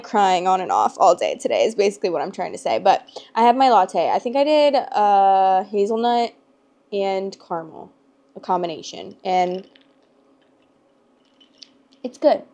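A woman's voice: mid-range voice, measured pace, long pauses. A young adult woman hosting her storytime channel, talking in a chatty, rambling, emotional way with lots of "like" fillers. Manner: chatty and rambling, heavy use of "like"; emotional and expressive. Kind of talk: casual chat to camera.

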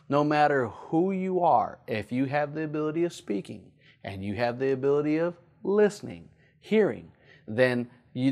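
A male pastor delivers a teaching sermon in a mid-pitched voice. He often repeats his key points and slows down to stress them. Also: a little mellow.

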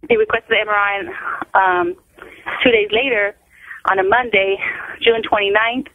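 A middle-aged woman, an interview guest on the phone, tells a family story in a rambling way and keeps restarting her sentences. Her voice is medium in pitch, with no room sound, over a tinny telephone line.

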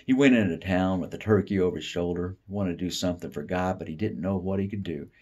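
Deep, husky man reading a story. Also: quick pace, a little mellow. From Appalachian U.S. South. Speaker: author reading fiction. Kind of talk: literary reading.

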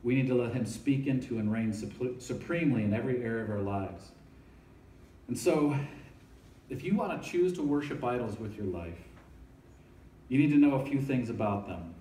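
A man's voice: mid-range voice, lively intonation, moderate pace, pauses often, mellow. Man, campus ministry speaker, informal sermon, mid voice, reverberant room, picked up from a distance. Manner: informal, checks in with listeners often. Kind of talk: conversational sermon to students.

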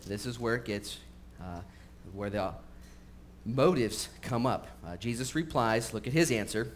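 A pastor giving a sermon at a church service, moving from casual, joking asides to earnest points. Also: male voice, mid-range voice, measured pace. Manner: conversational and humorous, shifting into earnest emphasis. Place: church service, recorded live. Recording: faint background noise from a live stream.

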